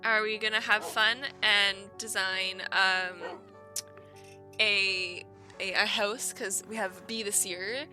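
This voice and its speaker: A woman's voice: mid-range voice, fairly even intonation, slow pace, bright, forceful tone, faint music behind. A young woman from Eastern Canada, chatting casually and laughing often as she streams a game. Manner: giggly, rambling storytelling with frequent laughs. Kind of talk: casual chat while gaming.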